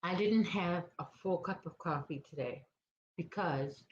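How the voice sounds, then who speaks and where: A woman's voice: lowish voice, measured pace. A woman hosting a casual crochet livestream, chatting with viewers in a rambling, sleepy way and losing her train of thought. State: sleepy, yawning. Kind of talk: casual chat with live viewers. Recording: roomy, dull lo-fi sound with faint noise.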